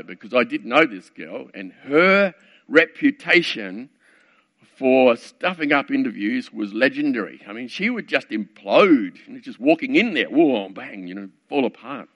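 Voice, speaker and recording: A middle-aged male preacher spins a story from his working life with a gravelly edge to his voice. He talks conversationally, full of fillers and wry asides. The recording is dull and lo-fi. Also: medium pitch, big pitch swings, a little slow, fairly bright tone. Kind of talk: storytelling sermon.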